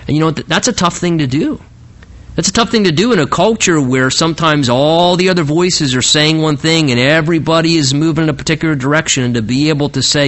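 A male pastor teaches from scripture in a conversational sermon voice, somewhat high for a man. He stammers and restarts often, doubling back on his words as he explains a passage. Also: quick pace, a bit bright.

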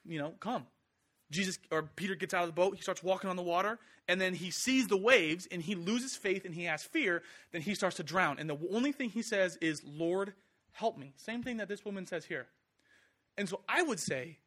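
A young man preaches with a high, bright voice. He keeps it casual and lively, slipping into little voices for the people he quotes. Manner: animated, conversational, acts out quotes. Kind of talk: sermon.

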